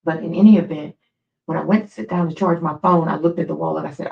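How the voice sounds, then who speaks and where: Gravelly-voiced woman telling stories on stream. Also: low-pitched, fast, dull audio. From United States. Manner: chatty, digressive, animated storyteller. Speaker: live stream host. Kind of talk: casual storytelling on a live stream.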